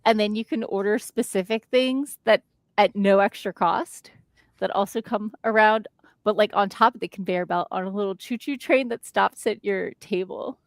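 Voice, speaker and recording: A woman's voice: mid-range voice, normal speed, dry recording. A woman co-hosting a casual livestream from her desk at home, chatting and reading out viewer comments. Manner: chatty, reads out viewer comments, frequent restarts. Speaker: stream co-host. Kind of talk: casual chat on a co-working livestream. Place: home living room desk.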